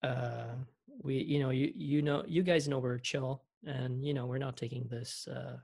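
A man's voice: medium pitch, fairly even intonation, a little slow, vocal fry, a little mellow. A man co-hosting a casual podcast from home, rambling with lots of fillers. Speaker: podcast co-host. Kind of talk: casual chat.

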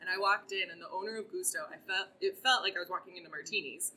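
A woman actor chatting casually and telling animated stories, laughing often and acting out the people in them. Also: fairly low pitch, fast, rough recording. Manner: animated storyteller, laughs often, does voices in anecdotes. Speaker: actor in community theater. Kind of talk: casual conversation.

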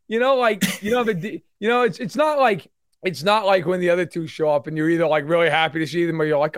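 A man in his thirties co-hosting a casual sports talk show, animated and mimicking fans in loud put-on voices. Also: sits high, fast, clear, resonant tone, no room sound, studio quality. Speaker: sports podcast co-host.

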